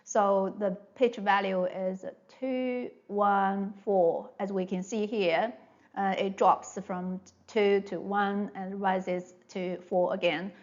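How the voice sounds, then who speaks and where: Speaking slowly in a mid-range voice with fairly even intonation, a woman leads an unhurried online Mandarin pronunciation class. The audio sounds dull. She repeats things patiently, stretches out sounds as examples, and keeps asking "all right?"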